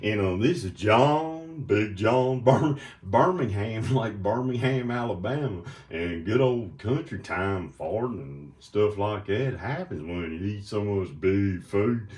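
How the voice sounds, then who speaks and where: A man rambling through a silly comedic monologue, often breaking into high giggling fits. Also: lively intonation, takes it slowly, darkish tone. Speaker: comedic video maker.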